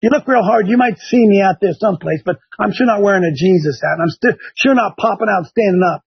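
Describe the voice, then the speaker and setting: Husky high-voiced older man, emphatic. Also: fast talker. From Ohio. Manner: emphatic, repeats his points. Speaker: talk show host. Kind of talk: preachy talk-show commentary. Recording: dull lo-fi sound.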